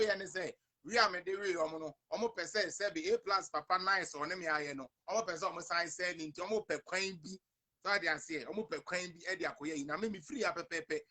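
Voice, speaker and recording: A man's voice: a little high, bright, forceful tone. A young Ghanaian man with a Ghanaian accent, hosting an online livestream and ranting emphatically, mixing English and Twi, repeating himself and addressing viewers directly. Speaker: online show host.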